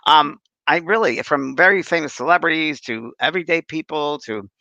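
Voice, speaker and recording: A man's voice: a little high, moderate pace, creaky, bright, forceful tone, dry recording, dull audio. A man in his sixties, a spiritual medium co-hosting a podcast, telling stories animatedly with frequent restarts and acted-out voices. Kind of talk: casual podcast storytelling.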